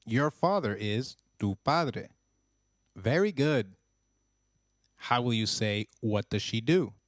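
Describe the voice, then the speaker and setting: A man narrating a scripted language lesson with slow, clear, encouraging drills. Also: medium pitch, lively intonation, no echo, studio quality. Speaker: language teacher.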